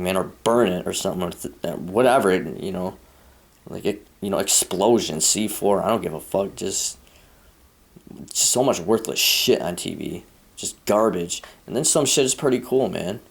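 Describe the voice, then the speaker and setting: A man's voice: sits low, gravelly. A young American man ranting in a crude, profane, rambling vlog monologue. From United States. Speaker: vlogger. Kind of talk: casual rant.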